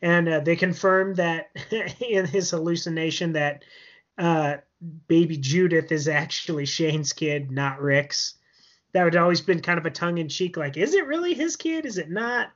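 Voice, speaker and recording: A man's voice: a little high, moderate pace, fairly bright tone. Rambling man recapping a show, lo-fi. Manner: rambling, filler-heavy storytelling with laughs. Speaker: podcast co-host. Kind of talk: casual chat recapping a TV episode. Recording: dull lo-fi podcast audio.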